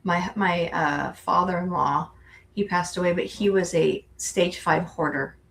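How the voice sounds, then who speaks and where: A woman's voice: fairly low pitch, fairly even intonation, unhurried, gravelly, fairly bright tone, slight background noise. A middle-aged woman co-hosting a tarot show, chatting casually and rambling with frequent restarts. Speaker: tarot co-host. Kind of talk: casual chat.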